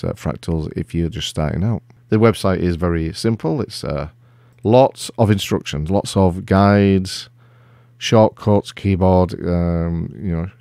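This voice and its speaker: Low, gravelly middle-aged man hosting a relaxed software walkthrough, self-deprecating and rambling. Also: no room sound, studio quality. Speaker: tech video host. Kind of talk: casual screen-recorded software walkthrough.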